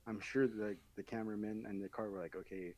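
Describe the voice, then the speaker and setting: A man's voice: on the low side, flat delivery, fast talker, a little mellow, low-quality recording. A man co-hosting a podcast, joking crudely and laughing often in casual chat. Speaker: podcast co-host.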